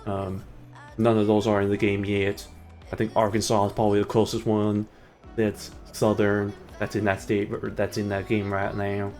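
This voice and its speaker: A man's voice: fairly low pitch, completely flat delivery, moderate pace, darkish tone, soft background music. A young man streaming a driving game, rambling in casual commentary and mocking himself. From United States. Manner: rambling, self-mocking, breaks into sung snippets.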